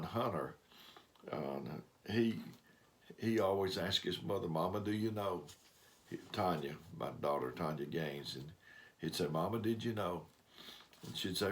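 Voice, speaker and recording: Older man with a very low voice. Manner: rambling storyteller, homespun grammar. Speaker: preacher. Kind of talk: folksy devotional talk.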